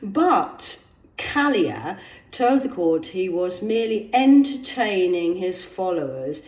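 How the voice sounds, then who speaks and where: A woman reads news stories aloud as a casual vlog, swearing freely and slipping into whispered asides. Her pitch leaps around from line to line. The room around her rings with echo. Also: very animated, slow pace, darkish tone. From United Kingdom. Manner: swears a lot, drops into whispers, laughs between stories. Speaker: vlogger reading news stories.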